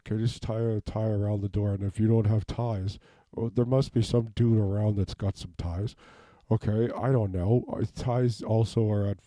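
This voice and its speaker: Rambling deadpan man with a dark voice. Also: lowish voice, normal speed, hardly any pauses, no room sound. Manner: rambling, deadpan, keeps asking "okay?". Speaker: comedic self-tape performer. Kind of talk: improvised comedic monologue. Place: home basement.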